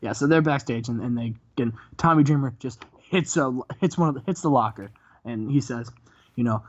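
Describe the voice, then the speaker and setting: A man hosting comedic let's-play commentary, telling the story in an animated way and laughing often. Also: medium pitch, brisk, lo-fi sound. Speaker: host.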